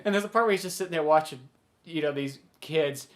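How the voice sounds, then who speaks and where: A man's voice: a little high, quick pace. A man co-hosting a casual film podcast, rambling with lots of "like" fillers and frequent laughs. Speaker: podcast co-host. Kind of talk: casual chat about films.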